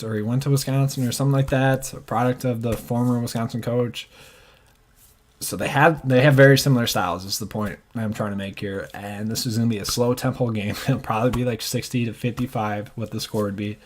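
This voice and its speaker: A man's voice: medium pitch, fairly even intonation, brisk, a little hiss or hum. A man thinking aloud as he works through his basketball bracket picks, with hesitant fillers. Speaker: sports channel host.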